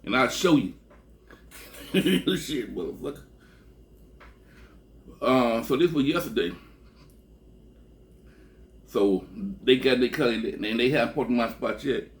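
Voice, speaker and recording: A man from Texas spins a loose, cursing story straight to camera. His pitch sits at an ordinary middle height, and he keeps tagging phrases with a low, dropped "man." The talk is relaxed and conversational. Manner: profane, rambling, ends phrases with a drawn-out low "man". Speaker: vlogger. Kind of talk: casual storytelling monologue.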